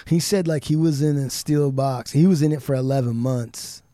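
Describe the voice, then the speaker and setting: A man hosting a podcast, casually retelling a life story and reading book passages aloud, dropping low and quiet for the dramatic parts. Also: moderate pace, no room sound. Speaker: podcast host.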